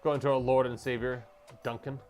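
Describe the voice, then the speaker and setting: A man's voice: medium pitch, flat delivery, moderate pace, darkish tone, faint music behind. A young man livestreaming as he paints miniatures, rambling and joking with his chat.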